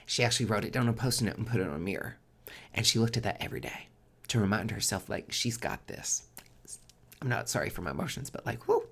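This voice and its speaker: A man hosting a casual tarot forecast, chatty and expressive, swearing freely and swinging between loud emphasis and soft near-whispers. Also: lowish voice, very fast, slightly rough. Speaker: tarot reader and podcast host.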